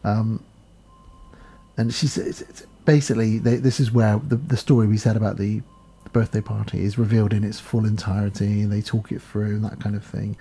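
A man's voice: lowish voice, flat delivery, brisk, warm tone, slightly rough. A man co-hosting a podcast, casually retelling a film plot and acting out bits of dialogue. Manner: rambling recap, acts out lines. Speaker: podcast co-host.

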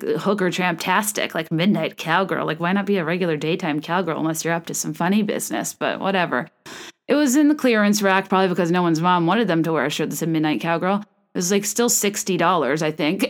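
A woman in her thirties hosting a solo comedy podcast, telling rambling self-mocking stories into a microphone in a small room. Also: sits low. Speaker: podcast host. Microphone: studio microphone.

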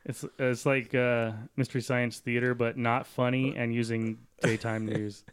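A man's voice: mid-range voice, little pitch movement, measured pace, clean tone. A man co-hosting a casual podcast, riffing jokily on news stories. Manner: jokey, tosses off silly voices and riffs. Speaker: podcast co-host.

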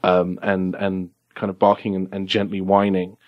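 A man with a fairly low voice running a tabletop game, who stops and restarts often as he narrates. It comes across as an unhurried, improvised storytelling session. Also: monotone, highs cut off. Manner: halting, repetitive narration. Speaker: game master. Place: game store.

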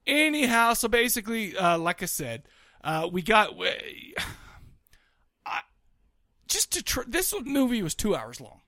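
A high-pitched man talks in a loose, jokey way on a podcast. His voice swoops up and down as he recaps a film. The recording is dry and close, with no room sound. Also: normal speed, no echo. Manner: animated, jokey, acts out characters in quotes. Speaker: podcast co-host. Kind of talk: casual movie recap chat.

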